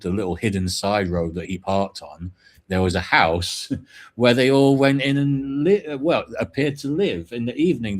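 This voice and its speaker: A man co-hosts a casual online chat, telling rambling anecdotes in a low, easygoing voice. His talk wanders from one detail to the next. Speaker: co-host.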